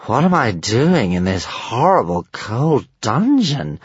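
A man's voice: mid-range voice, big pitch swings, takes it slowly, breathy edge, no room sound, voice pushed up, exaggerated voice. A man voicing a confused female dragon who asks bewildered, plaintive questions, in a slightly muffled dry recording.

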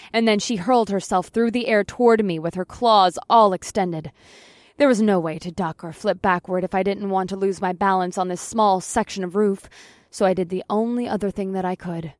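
A woman narrating a first-person audiobook in a steady, matter-of-fact voice, with casual swearing. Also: medium pitch, no room sound, studio quality.

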